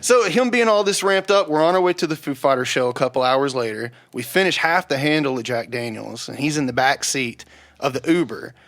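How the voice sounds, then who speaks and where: A young man telling a rowdy story on a podcast, swearing freely and loudly acting out the people he quotes. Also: mid-range voice, a little fast. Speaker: podcast guest. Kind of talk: casual storytelling.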